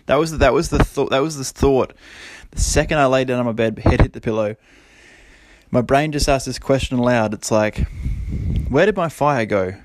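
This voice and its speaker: A man's voice: mid-range voice, steady tone, brisk. A man in his thirties hosting his own podcast, talking casually and rambling, self-deprecating and motivational, laughing often. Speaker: podcast host. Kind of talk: casual solo podcast monologue.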